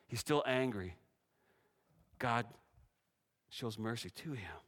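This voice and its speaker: A man in middle age delivers a sermon with animated energy. His voice sits in a middle range, and he acts out each speaker as he tells the story. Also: slow. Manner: animated, voices God and Jonah with rising pitch and force. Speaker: pastor.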